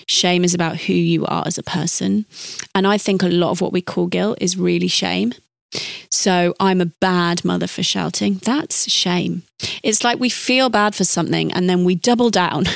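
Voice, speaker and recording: A British woman hosting a podcast as a coach for mothers, talking in an earnest, encouraging way and slowing down to stress key points. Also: on the low side, vocal fry, no echo. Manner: earnest, encouraging, slows down for emphasis. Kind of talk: reflective podcast monologue.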